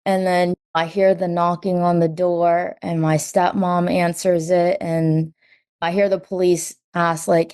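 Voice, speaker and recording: Young adult woman, low-ish pitch, chatty with constant "like", re-enacts quotes. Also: a little slow, smooth. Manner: says "like" constantly, quotes herself and others in lively bursts. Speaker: guest. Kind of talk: personal story in an interview.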